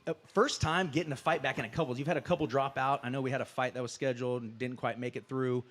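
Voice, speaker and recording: A man's voice: medium pitch, steady tone, quick pace, a bit bright. A man who commentates fights, moderating a press conference and asking fighters questions in a chatty, enthusiastic way with lots of fillers.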